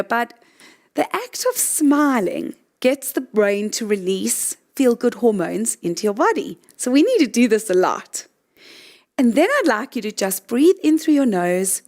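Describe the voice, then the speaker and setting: A middle-aged woman leading a guided breathing talk, gently walking listeners through exercises. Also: sits high, sing-song, moderate pace. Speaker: breathing coach.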